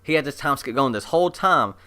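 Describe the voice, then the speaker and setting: A man giving a casual, excited recap of an episode as an anime reviewer, chatty and full of fillers. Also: mid-range voice, a little fast, clean tone. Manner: chatty, animated retelling with many fillers.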